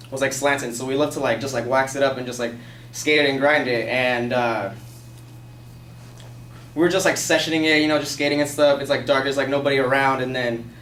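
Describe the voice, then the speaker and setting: Fast-talking young man telling a story. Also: fairly high pitch, fairly bright tone. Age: young adult. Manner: rambling, fills speech with "like" and profanity. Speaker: student storyteller. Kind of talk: casual personal storytelling. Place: classroom. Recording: echoey classroom, mic far off, faint hiss.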